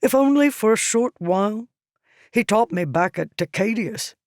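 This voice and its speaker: A woman's voice: mid-range voice, animated, moderate pace, a little mellow, no room sound, clean studio sound, voice pushed up, close to an everyday voice. A woman voicing a grumbling, proud male noble scholar in an audiobook, clipping 'the' to 't''. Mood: grudging. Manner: clips 'the' to 't'', a rustic way of speaking. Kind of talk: audiobook character voice.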